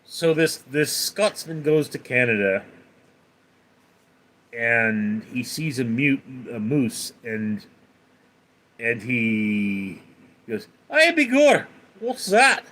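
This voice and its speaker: A man's voice: medium pitch, drawn-out words, pauses often, a bit bright. A man chatting casually on a livestream, answering viewers' questions in a rambling, hesitant way. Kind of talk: casual live chat.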